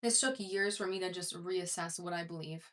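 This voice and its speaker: A woman's voice: fairly low pitch, normal speed, fairly bright tone. A woman self-improvement coach talking casually to her viewers, conversational and rambling, with many fillers and restarts. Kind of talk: casual talk to camera.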